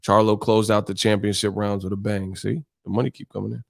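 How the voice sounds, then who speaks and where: A man's voice: on the low side, flat delivery, a little fast, gravelly. A man hosting a boxing live stream, ranting bluntly and combatively with heavy cursing. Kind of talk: casual live-stream rant.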